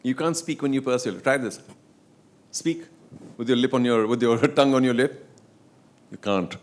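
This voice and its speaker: Speaking briskly in a mid-range voice, this middle-aged Indian man is a guest speaker on sports leagues. On stage he tells casual, animated stories and performs quotes and chants.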